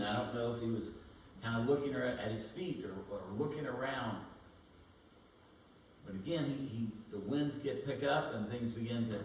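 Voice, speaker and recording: A man's voice: medium pitch, slight background noise. A man preaching a sermon in a conversational, thinking-aloud way. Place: church sanctuary. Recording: echoey church room, mic at a distance.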